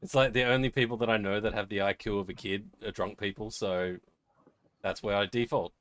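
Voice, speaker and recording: A man's voice: on the low side, fairly even intonation, fairly quick, a bit bright. Giggly man running a tabletop game. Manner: giggly, playful. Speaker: game master. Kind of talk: tabletop role-play, voicing children.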